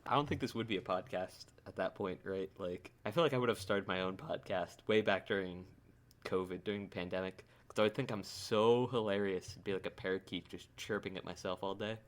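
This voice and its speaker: A man's voice: low voice, steady tone, brisk. A man co-hosting a podcast, talking about a film in a rambling, self-deprecating way with many fillers. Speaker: podcast co-host. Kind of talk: casual film discussion.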